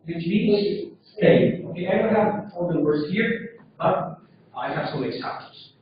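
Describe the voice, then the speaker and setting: A high-voiced man with as his leads a classroom lesson, taking it slowly and checking with the class. He is heard from across a very echoey room on a dull, lo-fi recording. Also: animated, recorded from a distance, slight background noise. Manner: drills pronunciation, checks with frequent "okay?". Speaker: English teacher.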